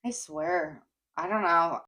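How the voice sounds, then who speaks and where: A woman's voice: lowish voice, takes it slowly, sharp tone. A young woman co-hosting a casual podcast, telling stories in a bubbly, giggly way, wired on an energy drink. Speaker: podcast co-host. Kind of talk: casual chat.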